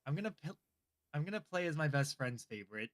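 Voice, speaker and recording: A man joining a casual gaming stream as a guest, animated and hopping between topics. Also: on the high side, quick pace. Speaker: guest co-player.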